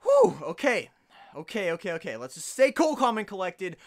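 A man commentating his own football video game at home, pleading quietly one moment and yelling in fury the next. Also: high-pitched, wildly swooping pitch, normal speed, soft background music. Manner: swings from pleading murmurs to furious yelling. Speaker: gaming YouTuber. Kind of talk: raging gameplay commentary. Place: home room. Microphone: desk microphone.

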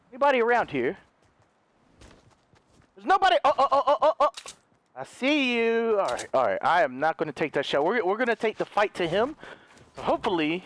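High, lively-voiced excitable male gamer. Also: a little hiss or hum. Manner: excitable and jokey, swinging from hushed mutters to loud yells. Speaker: gamer commentating his own play. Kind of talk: live gameplay commentary.

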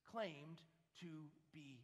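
A man with a high voice preaches a sermon as a priest. He speaks with emphasis and puts rhetorical questions straight to his congregation. His voice rings out with a long reverb through the church. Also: drawn-out words.

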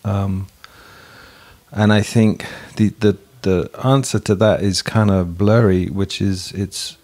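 A man's voice: fairly low pitch, fairly even intonation, takes it slowly, a little mellow. A man in his fifties from England, a therapist, talking in a thoughtful, hesitant way and often restarting his sentences as an interview guest. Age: 50s. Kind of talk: reflective interview talk.

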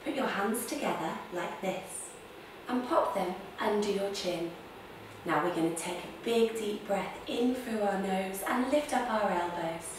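With a mid-range voice and a measured pace, a woman guides children through story-time yoga, playfully gasping and beeping. The recording has background noise, an echoey room, and a distant mic.

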